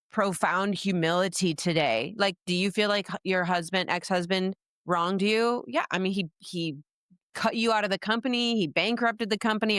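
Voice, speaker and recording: A woman's voice: mid-range voice, fairly bright tone, no echo, clean studio sound. A woman hosting an interview podcast, asking thoughtful questions and reflecting back on her guest's words. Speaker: podcast host.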